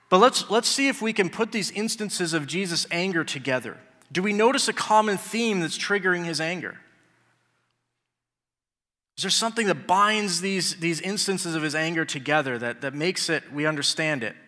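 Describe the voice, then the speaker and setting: Man, pastor, sermon, conversational, rhetorical questions, bright tone, long hall reverb. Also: sits high.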